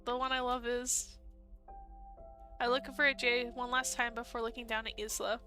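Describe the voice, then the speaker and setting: A woman narrating as a heartbroken young man in a dating game, soft and subdued. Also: fairly high pitch, flat delivery, normal speed, soft background music.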